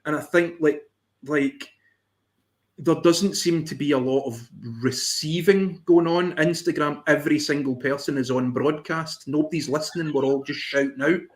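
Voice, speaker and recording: A man's voice: on the high side, fairly even intonation, moderate pace. A man co-hosting a casual live chat, talking in a hesitant way with many repeated words. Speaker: co-host.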